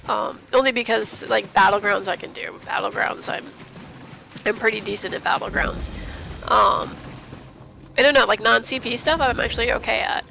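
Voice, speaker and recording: A woman streams a game, her voice a little high, creaky, pushed and bright at a normal pace, with some hiss or hum. She gives casual commentary while playing, giddy and chatty, laughing often and poking fun at herself.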